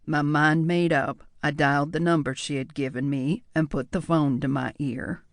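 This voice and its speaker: A man reading a first-person audiobook in a measured, reflective way. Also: fairly high pitch, steady tone, no echo, studio quality. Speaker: audiobook narrator.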